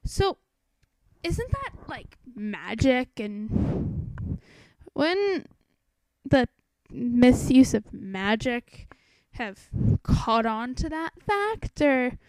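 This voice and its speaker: With a high-pitched but darkish tone, big pitch swings, and drawn-out words, a young woman speaks in a low-quality recording with no room sound. She gives casual spoken commentary on the book she's reading, quizzically picking at its details with questions.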